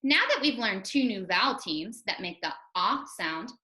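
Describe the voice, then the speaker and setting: A female first grade teacher speaking slowly and clearly to young children, patiently sounding out each phonics sound. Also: mid-range voice, lively intonation, bright, forceful tone. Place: home or classroom, recorded for a school TV video. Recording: echoey room.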